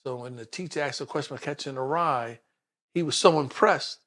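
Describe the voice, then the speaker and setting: A man's voice: mid-range voice, brisk. A man, a guest telling stories from his life in an interview and acting out the people he quotes. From Brooklyn, New York. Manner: animated storyteller who acts out the people he quotes. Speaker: guest, detective. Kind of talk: personal storytelling in a sit-down interview.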